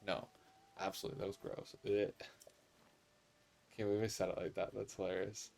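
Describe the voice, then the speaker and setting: Sassy chatty low-voiced male streamer. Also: fairly even intonation, moderate pace, gravelly, darkish tone. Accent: American. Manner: chatty, sassy, reads game dialogue aloud. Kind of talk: casual live game commentary.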